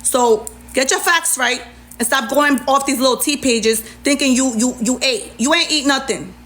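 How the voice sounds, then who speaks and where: A woman's voice: high-pitched, moderate pace, fairly bright tone. A woman ranting on a livestream, sassy and indignant as she reads out messages and answers back.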